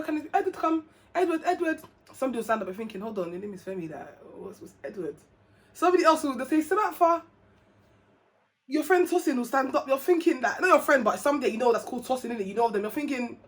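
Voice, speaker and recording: A young adult woman from England, with a mid-range voice and a little hiss or hum in the recording, vlogs a personal story straight to camera. Chatty and slangy, she tells it animatedly, laughing often and acting out the voices of the people involved.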